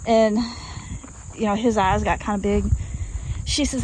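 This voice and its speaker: In a rough outdoor recording from rural woods, an Arkansas woman tells her viewers a folksy, drawling story and calls them y'all. Her mid-range voice is a little mellow with fairly even intonation, and she speaks a little slowly with long pauses. Crickets, insects and faint outdoor noise fill the background.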